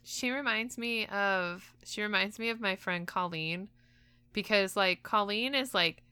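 A woman's voice: medium pitch, a little slow, bright, forceful tone, clean tone. A young woman co-hosting a podcast, chatting in a gushing, filler-heavy way. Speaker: podcast co-host. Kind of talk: casual chat.

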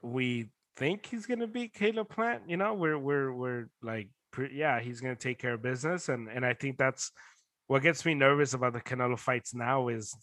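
A man speaking as a podcast guest in casual chat, animated and repeating himself. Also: mid-range voice, normal speed, dry recording.

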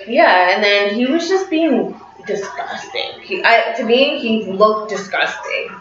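A woman's voice: medium pitch, a little slow, slight background noise. Sarcastic woman telling a dating story. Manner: animated storytelling, acts out quotes, sarcastic. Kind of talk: casual chat. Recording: slightly roomy, dull lo-fi audio.

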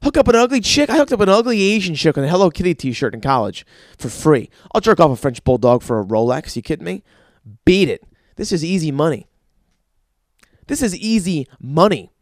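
In a very animated, slightly fast delivery, a young man rants crudely on his solo podcast, rambling and full of fillers. His pitch is fairly high. The recording is dry and sounds like a clean studio.

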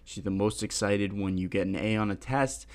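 Rambling young podcast host, low voice. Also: male voice, moderate pace. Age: young adult. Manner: rambling, self-deprecating, laughs often. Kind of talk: casual podcast monologue.

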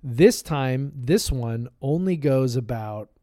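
A man's voice: medium pitch, lively intonation, takes it slowly, dark tone, dry recording, clean studio sound. Chatty man telling a rambling story. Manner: rambling storyteller, lots of "like" and restarts. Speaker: podcast co-host. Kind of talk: casual chat. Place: podcast room, shared with co-host.

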